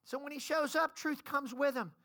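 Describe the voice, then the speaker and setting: High, bright-voiced woman preaching with fervor. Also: steady tone, moderate pace. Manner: impassioned and pleading, rising to shouts. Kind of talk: sermon. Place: church service.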